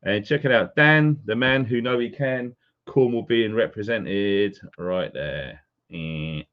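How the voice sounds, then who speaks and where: A man's voice: lowish voice, slow. A man hosting a live stream, casually greeting viewers by name as they join. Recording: dull lo-fi sound.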